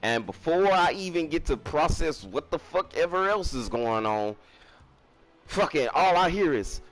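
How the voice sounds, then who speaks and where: A man's voice: fairly high pitch, very animated, measured pace, faint music behind. A young man, telling a casual storytime in an emphatic, profane way. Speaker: storyteller streamer.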